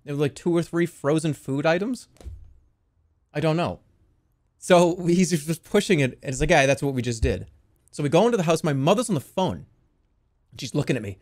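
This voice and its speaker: Young guy rambling thru a crazy dream story, swears a ton, voice kinda higher, keeps yelling out the panicky bits. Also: expressive, a little fast, pauses often. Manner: rambling, swears a lot, restarts, jumps into loud panicked quotes. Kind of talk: casual storytelling, recounting a dream.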